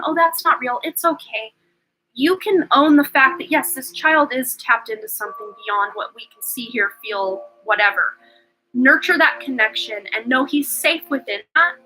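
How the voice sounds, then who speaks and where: A woman with a high, bright voice gives a live-streamed tarot reading. She talks effusively and chattily, full of "like" and "um" fillers. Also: poor audio. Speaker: tarot reader and livestream host.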